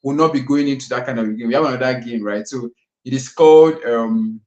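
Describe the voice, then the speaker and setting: A man's voice: mid-range voice, a little fast, a little mellow, echoey room, muffled recording. A man hosting a live session in a studio, chatty and casual, with lots of fillers and frequent laughter. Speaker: host of a live kids' finance session.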